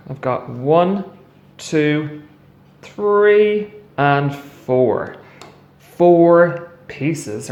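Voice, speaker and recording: Teacher in an echoey kitchen. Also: male voice, mid-range voice. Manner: slow, clear, encouraging, asks children questions. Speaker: primary school teacher. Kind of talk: cooking lesson for children. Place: home kitchen. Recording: very echoey room, faint background noise.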